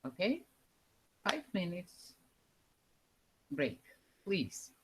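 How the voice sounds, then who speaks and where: A woman with a very low voice gives a live online university lecture. She speaks slowly and haltingly, filling pauses with "uh" and "um" as she searches for words, through a computer microphone. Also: very animated, noisy background. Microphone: computer microphone over a video call.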